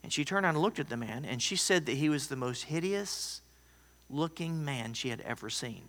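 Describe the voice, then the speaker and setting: A man preaches in a large church hall, his bright voice sitting a little high. He tells his story dramatically, rising loud and then dropping to near whispers. Long reverb trails after each phrase. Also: lively intonation, a little fast. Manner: storytelling, swings from loud to hushed. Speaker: pastor. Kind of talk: sermon.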